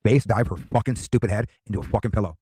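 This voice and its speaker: A man's voice: on the low side, quick pace, warm tone, husky, no echo. A man in his fifties, a streamer ranting crudely and rambling, full of profanity and "dude.". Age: 50s.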